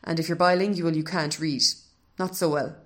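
A woman voicing a ten-year-old boy who whispers hoarsely, stammers and threatens nervously. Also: low voice, fairly even intonation, moderate pace, lightly acted. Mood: nervous threats.

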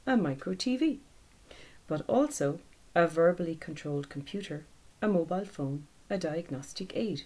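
A woman voicing a composed young male genius who speaks in a brisk, matter-of-fact way. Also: lowish voice, animated, mellow.

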